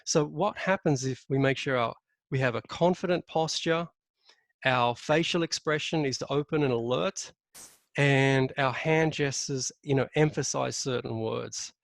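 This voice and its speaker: A man's voice: mid-range voice, unhurried, vocal fry, no echo. Man coaching leaders in a webinar. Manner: coaching, stresses key words; frequent ums and restarts. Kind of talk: live webinar presentation.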